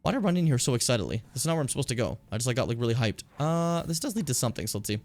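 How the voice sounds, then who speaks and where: Male streamer, casual gameplay commentary, lively swinging delivery, mid pitch. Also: very fast. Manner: animated, rambling, chatty with fillers.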